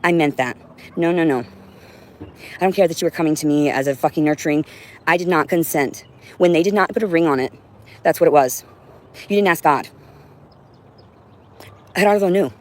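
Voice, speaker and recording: A woman's voice: low-pitched, normal speed, pauses often, a little mellow. A woman hosting a livestream, talking to her audience in a rambling, intense and profane monologue at home. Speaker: livestream host. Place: indoors at home with a cat.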